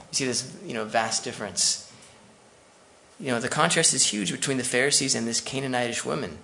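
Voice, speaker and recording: A man's voice: mid-range voice, a little fast, vocal fry, pushed and bright. A man preaching a sermon as pastor, conversational and full of asides to the congregation.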